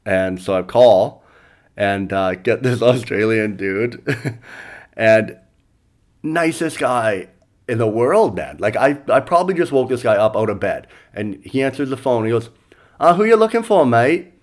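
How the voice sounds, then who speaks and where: A man's voice: lowish voice, expressive, measured pace. A comedian and podcast host telling stories in a loose, rambling way, chuckling at his own punchlines. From Canada. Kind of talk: casual storytelling monologue.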